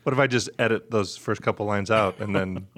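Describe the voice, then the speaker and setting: A man's voice: fairly low pitch, fairly quick, a bit bright. Casting: male podcast editor, short dry skeptical interjections, plain everyday voice. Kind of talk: casual banter.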